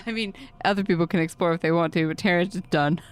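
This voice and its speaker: A woman's voice: lowish voice, fairly even intonation, quick pace, clear, resonant tone. A woman playing a tabletop game, chatting about her character with frequent giggles. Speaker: player.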